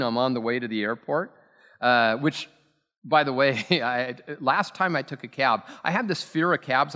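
Long church-hall reverb surrounds a mid-range, sharp-toned male voice. He's a pastor preaching in the sanctuary, telling stories conversationally, poking fun at himself and using lots of fillers.

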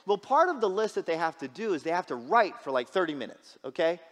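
A man's voice: high-pitched, very animated, fast, in a large hall. A man preaching a sermon as a guest pastor, casual and joking, often repeating words as he restarts. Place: church sanctuary.

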